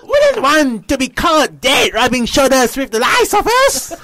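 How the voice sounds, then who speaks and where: A man voicing a loud, smug male villain styled as an eighties rock star, reading a script aloud. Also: extremely high pitch, sing-song, a little slow, background noise, heavily acted. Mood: sneering.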